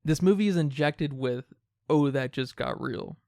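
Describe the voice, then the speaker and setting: A man co-hosting a podcast, talking casually about a film in quick, animated bursts. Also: on the high side, no echo. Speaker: podcast co-host.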